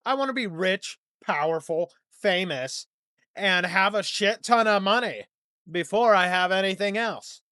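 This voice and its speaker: A man's voice: high voice, lively intonation, a little slow, sharp tone, smooth, no room sound, clean studio sound. A young man hosting a solo podcast, rambling and self-deprecating, dropping to a mumble and then turning emphatic. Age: young adult. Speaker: podcast host. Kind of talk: casual solo podcast monologue.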